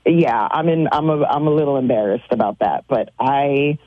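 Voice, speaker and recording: A woman's voice: very deep voice, normal speed, no room sound, narrow, tinny audio. A woman on a radio show telling an embarrassing date story, hesitant and restarting often. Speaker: caller.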